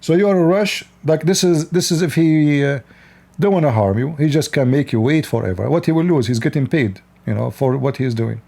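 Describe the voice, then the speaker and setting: A man's voice: a little high, fairly quick, vocal fry, dark tone. Blunt man. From Middle East. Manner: blunt, lecturing, laughs often. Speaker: livestream host. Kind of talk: casual advice talk.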